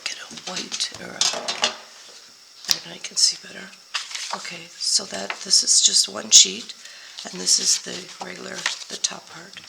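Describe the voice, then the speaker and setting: An older woman, her voice scratchy after a week-long illness, chats through a card-making tutorial. Her medium-pitched voice is creaky and flat, unhurried, with frequent pauses, and she sometimes forgets product names mid-sentence.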